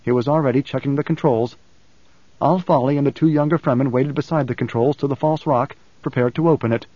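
A man reading a novel aloud in steady, even audiobook narration on a close mic. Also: medium pitch, fairly quick, no room sound. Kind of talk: scripted narration. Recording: slightly dull dry studio recording.

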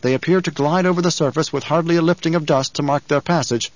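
A man reading a story aloud as audiobook narrator, with measured, even delivery. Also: mid-range voice, no echo, lo-fi sound. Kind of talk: scripted narration.

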